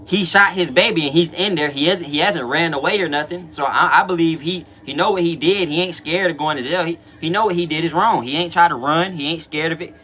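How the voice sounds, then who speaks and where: A man's voice: a little high, a little fast, few pauses, bright, forceful tone. A young man hosting a reaction video, talking casually in slang and rambling to his chat.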